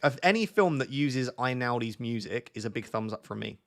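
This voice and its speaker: Chatty young streamer, mid-pitched. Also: male voice, lively intonation, a little fast. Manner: chatty, jokey, thinks aloud and restarts. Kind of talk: live stream chat with viewers.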